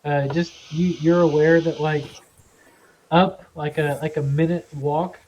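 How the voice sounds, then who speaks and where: A man's voice: on the high side, steady tone, unhurried, a little mellow, slight background noise. A man narrating as game master, stammering and repeating words while he describes the scene. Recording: dull lo-fi audio.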